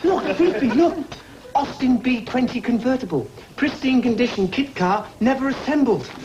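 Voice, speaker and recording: A man playing a teasing, excitable husband in a sitcom scene. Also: very high-pitched, normal speed, dull audio, over a noisy crowd, heavy background noise. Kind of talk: sitcom acting.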